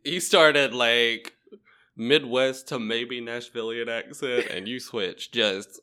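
A man chatting casually as a podcast co-host, dropping dry, low-key remarks. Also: fairly even intonation, slow, pushed and bright. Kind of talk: casual chat.

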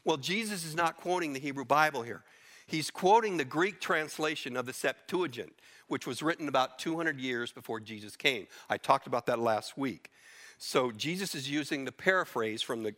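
A middle-aged man delivers a sermon in a bright, forward voice. He teaches earnestly through scripture, speaking off the cuff with small restarts along the way. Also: mid-range voice. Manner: earnest, unscripted Bible teaching, with restarts and quoted verses. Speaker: preacher.

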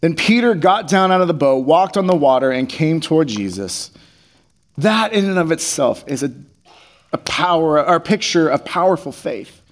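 Man, pastor, conversational sermon, reads scripture then explains it casually, fairly high voice. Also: very animated, normal speed.

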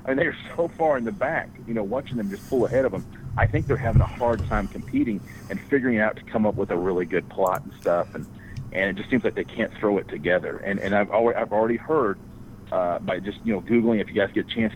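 A man telling a crude story in casual podcast chat, animated and swearing freely. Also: on the low side, a little hiss or hum, rough recording.

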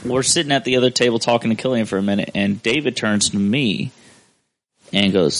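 A young man hosting a podcast, telling a story in a relaxed, profane way. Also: on the low side, brisk, slight background noise, rough recording. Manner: profane, laid-back storyteller. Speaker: podcast host. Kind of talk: casual storytelling chat.

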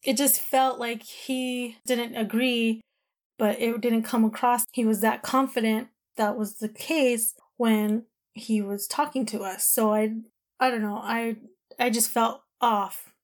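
Higher-voiced woman telling her story casually. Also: fairly even intonation, slow. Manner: conversational, retells dialogue, frequent "like" fillers. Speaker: vlogger telling a personal story.

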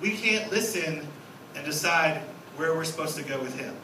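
A man in his thirties preaching a sermon as a guest pastor, lively and storytelling, acting out little scenes. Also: on the high side, normal speed, reverberant, recorded from a distance, a crowd in the background, poor audio. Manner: animated, acts out scenes with a raised voice. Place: church sanctuary.

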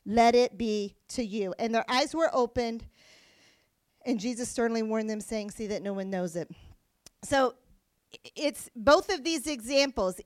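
A woman's voice: high voice, dry recording. A woman giving an earnest sermon-style Bible teaching, reading verses aloud and explaining them with emphasis. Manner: earnest, reads scripture then explains with emphasis.

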